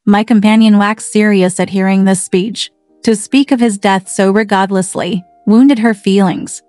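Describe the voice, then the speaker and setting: A woman narrating a classic novel in a measured, even storytelling voice. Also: medium pitch, clean tone, no room sound, clean studio sound, faint music behind. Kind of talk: audiobook narration.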